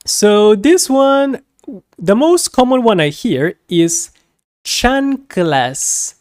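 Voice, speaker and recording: Woman teaching beginner spanish, slow and careful, dry close sound. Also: medium pitch, big pitch swings, darkish tone, no echo. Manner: slow, careful repetition of words. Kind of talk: beginner language lesson.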